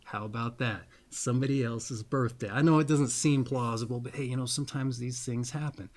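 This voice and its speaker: A man's voice: mid-range voice, fairly even intonation, brisk, darkish tone. A man hosting a casual monologue, rambling in a folksy way and repeating pet phrases. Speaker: astrology video host.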